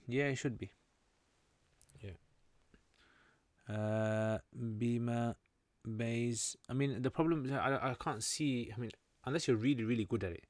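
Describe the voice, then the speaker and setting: A man's voice: mid-range voice, no echo. A British man hosting a casual livestream Q&A, chatty and joking, explaining Arabic terms as he reads through viewer comments. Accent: British English. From Britain. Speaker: livestream host answering chat.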